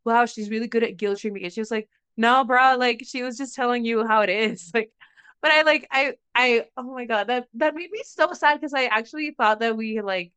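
A young woman on a podcast tells a story in casual chat, stringing it along with lots of "like" and acting out every quote. Her voice is bright and smooth, sitting a little high. The recording is dry and close. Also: moderate pace, dry recording. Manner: animated storytelling, acts out quotes, frequent "like". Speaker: podcast co-host.

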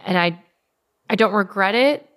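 A woman in her thirties telling a personal story in a casual interview, animated and full of fillers. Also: mid-range voice, a little slow. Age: 30s. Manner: animated retelling with many fillers, voicing others. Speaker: guest.

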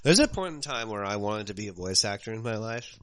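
A man's voice: on the low side, expressive, fast talker, fairly bright tone. A young man chatting as a podcast guest, a singer who talks loosely, swears freely and laughs often. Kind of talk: casual chat.

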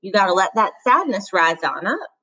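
A woman's voice: medium pitch, very animated, moderate pace, pushed and bright, slightly rough, exaggerated voice, rough recording. A woman voicing a stern, tall motel cleaner who talks bluntly and scolds. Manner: blunt, scolding, plain-spoken.

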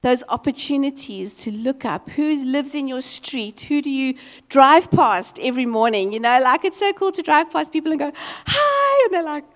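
A woman preaching a sermon as a lively, expressive storyteller. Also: sits high, normal speed, in a large hall.

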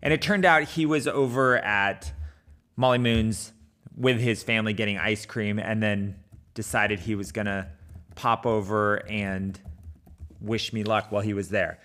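Casting: middle-aged man, casual storyteller, halting delivery with lots of fillers. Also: lowish voice, fairly even intonation, fairly bright tone. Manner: conversational with frequent fillers and restarts. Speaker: runner telling a personal story.

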